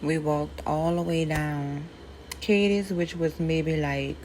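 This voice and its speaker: A woman with a New Orleans accent calmly walking through a route step by step. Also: deep voice, slow, slight background noise, rough recording. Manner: plain, step-by-step describing. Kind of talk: slow route narration.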